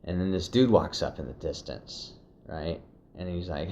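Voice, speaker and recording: A young man casually telling a personal story, profane and animated, slipping into acted quotes. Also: low-pitched, normal speed, a little hiss or hum. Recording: dull lo-fi recording.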